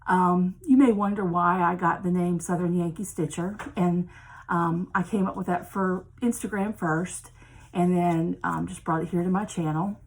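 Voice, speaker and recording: A woman's voice: lowish voice, fairly even intonation, normal speed, husky, low-quality recording. A woman in her fifties, from Maryland with an accent picked up from South Carolina, chatting casually as a cross-stitch vlogger, rambling with frequent ums. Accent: mixed Maryland and South Carolina. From Maryland, USA. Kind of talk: casual chat to camera.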